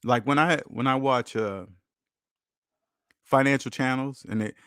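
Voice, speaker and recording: A man's voice: medium pitch, a little slow, a bit bright, clean tone, no room sound, clean studio sound. A man hosting a finance channel, talking casually and preachily about money and debt, acting out the voices of people he quotes.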